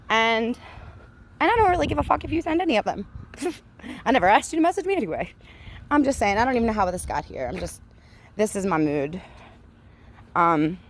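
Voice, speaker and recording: A woman giving a blunt, profane, ranting monologue while walking outdoors, with frequent laughs, recorded on a handheld phone. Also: mid-range voice. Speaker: vlogger. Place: outdoors, walking near traffic.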